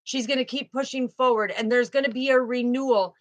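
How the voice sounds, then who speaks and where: A woman's voice: a little high, fairly even intonation, fairly quick, no room sound. A woman giving an emphatic spiritual tarot reading and repeating her key phrases. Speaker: tarot card reader.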